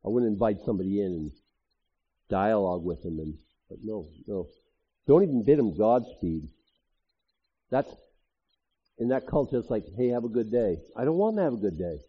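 A man's voice: lowish voice, expressive, normal speed, long pauses, husky. A man who is a pastor, preaching a sermon in a conversational way with frequent asides. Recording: dull lo-fi audio.

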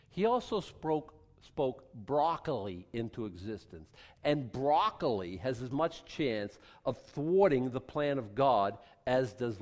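A man preaching a sermon, wry and animated, acting out voices for God and the kings as he reads scripture. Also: medium pitch, in a large hall. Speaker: pastor.

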